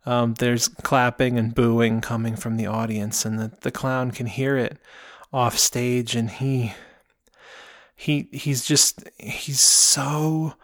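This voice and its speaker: A man telling an improvised story aloud, in a rambling way with many pauses and restarts. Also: mid-range voice, dry recording, clean studio sound.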